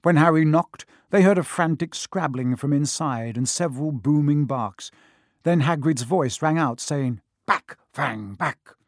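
A man reading a children's fantasy novel aloud in measured, scripted narration. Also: a little high, a little mellow, no room sound, studio quality. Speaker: audiobook narrator.

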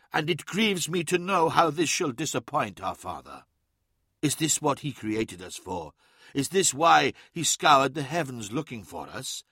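A noble male warrior-prince pleads and commands in a bright, gravelly voice, as a man voices him for an audiobook. The sound is close and dry. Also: a little high, no room sound, exaggerated voice.

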